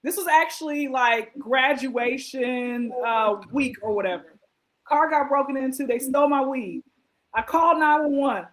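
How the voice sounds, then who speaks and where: Woman, podcast host, high voice, animated, laughs often, casual chat. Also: normal speed, low-quality recording.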